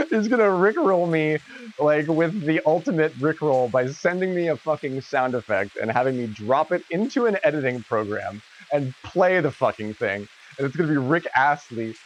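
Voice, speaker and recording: A man's voice: fairly high pitch, muffled recording, slight background noise. A man hosting a casual livestream who laughs often and swears freely. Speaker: livestream host.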